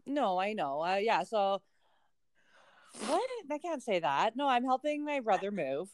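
A woman co-hosting a podcast, chatting in a relaxed, wry way with short reactions. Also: mid-range voice, measured pace, dry recording, clean studio sound. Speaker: podcast co-host. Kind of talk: casual podcast chat.

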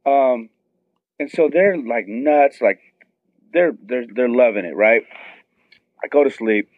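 A man in his thirties excitedly telling a story as a guest, acting out what others said. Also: slow pace, no room sound. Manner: excited, acts out quotes with high squeals. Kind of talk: animated storytelling. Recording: tinny phone-line sound.

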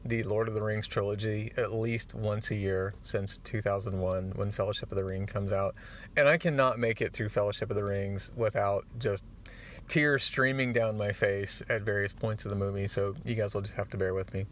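A man with a lowish voice tells a comic story on his podcast. He is lively and acts out bits of the dialogue. He is easily moved, and a soft hiss of noise sits under him. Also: normal speed. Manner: easily moved, gets choked up. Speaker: podcast host. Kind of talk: casual comic-book recap.

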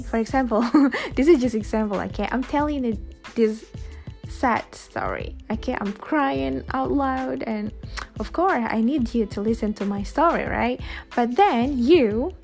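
A woman with a high, bright-sounding voice runs a casual spoken lesson for her podcast. She talks in a chatty, engaging way, often pausing to check in with listeners. Faint music sits under her voice. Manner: chatty, repeats "okay?" to check in with listeners, acts out examples. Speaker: podcast host teaching English.

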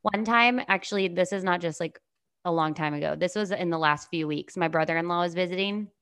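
A woman's voice: on the low side, a little fast, a bit bright, clean tone. A woman hosting a casual podcast interview, chatty and enthusiastic. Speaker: podcast host.

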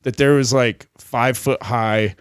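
A man's voice: mid-range voice, fairly even intonation, measured pace, smooth, no echo, clean studio sound. A man co-hosting a podcast, telling a long rambling story in casual chat, swearing constantly and laughing along the way. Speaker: podcast co-host.

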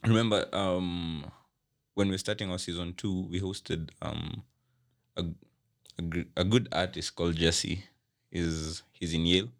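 Young man, very deep voice, podcast co-host, curious questions, hesitant. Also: fairly even intonation, measured pace. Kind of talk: casual chat.

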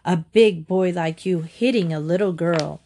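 A woman's voice: lowish voice, a little slow, warm tone, a little hiss or hum. A woman doing a stern scolding mother. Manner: firm, scolding.

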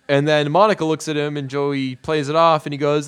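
A man casually retells a TV episode scene by scene, sprinkling in plenty of "uh" fillers. His voice is a little high, level, brisk, clear, and resonant, with hardly any pauses.

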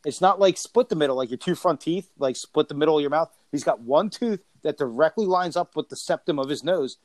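A man co-hosting a podcast, telling stories in a profane, animated way in casual chat. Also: on the high side, fairly quick, dry recording. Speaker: podcast co-host.

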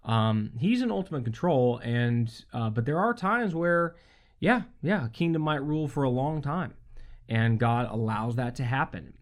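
A pastor delivering a sermon at a middle pitch. His delivery is casual and chatty, full of restarts and rhetorical asides to the listener. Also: lively intonation, normal speed. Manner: conversational, many rhetorical "right?" asides.

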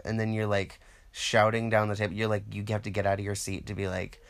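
Casting: man, low-pitched, loose and profane, comic rant that acts out other people's lines. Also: a little fast, clear, resonant tone. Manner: rambling, profane, animated quoting of others. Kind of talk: casual comedic monologue.

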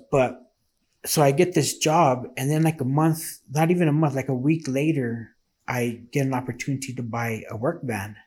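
A man's voice: medium pitch, a little mellow, breathy edge. A man telling his faith testimony in a casual, earnest and emotional way, acting out the dialogue he quotes.

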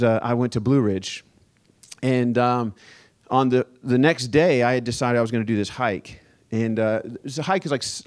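A male pastor preaching a sermon as a relaxed, conversational personal story. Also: medium pitch. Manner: casual, conversational storytelling with fillers.

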